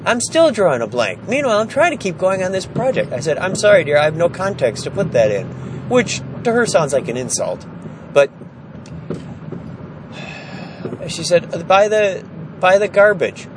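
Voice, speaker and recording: Middle-aged man, wry exasperated storyteller, lively swooping voice, slightly high, stressed, phone recording in a warehouse, faint background hum. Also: moderate pace, pauses often. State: stressed and tired. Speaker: vlogger. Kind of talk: casual storytelling vlog. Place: indoor storage warehouse. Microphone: phone held while walking.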